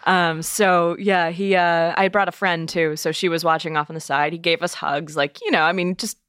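A young adult woman from Massachusetts, a wine buyer, tells her story as a guest in a casual interview, chatty and full of "you know" and "um." Her voice is lowish, fairly bright, and fairly even in intonation at a normal pace, recorded dry with clean studio sound.

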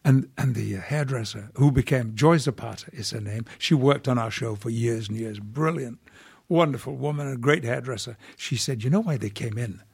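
Older guy, gravelly husky voice, dry measured storyteller in an interview. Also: mid-range voice. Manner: measured storytelling with wry laughs. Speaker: actor, interview guest. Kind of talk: conversational anecdotes.

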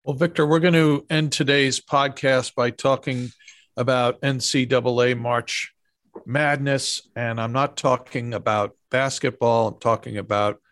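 A man's voice: mid-range voice, steady tone, a little slow, a bit bright, dry recording. A man cohosting a podcast, steering the talk in a light, breezy way. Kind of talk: podcast hosting.

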